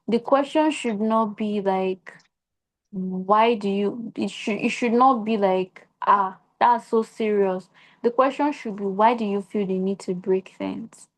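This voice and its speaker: A woman's voice: mid-range voice, fairly even intonation, slow pace. A young adult woman with a Nigerian accent, a podcast guest giving earnest advice in casual conversation and posing rhetorical questions.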